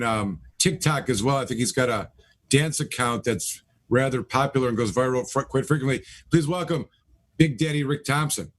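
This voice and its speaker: A middle-aged man hosts a live talk show in a casual, rambling way. He leans on fillers and restarts as he introduces each guest. His voice sits at an ordinary middle pitch. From Michigan. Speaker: host, attorney.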